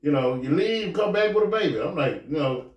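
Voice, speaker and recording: A man hosting a podcast, telling a story casually, with animated, profane delivery, acting out the quoted lines. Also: fairly high pitch, brisk. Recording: echoey room, mic at a distance.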